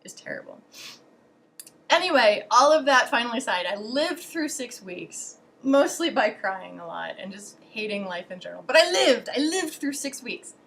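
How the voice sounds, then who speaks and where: A woman's voice: a little high, sing-song, normal speed, gravelly, hardly any pauses, fairly bright tone. A young adult woman vlogger telling stories in a casual way, sarcastic and profane, with lots of fillers. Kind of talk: casual storytelling.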